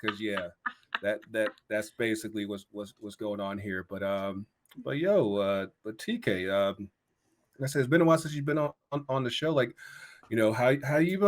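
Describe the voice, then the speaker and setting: A man's voice: fairly low pitch, normal speed. A man hosting a podcast in casual chat, often repeating words and laughing. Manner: laughing, stammering, riffing. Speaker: podcast host.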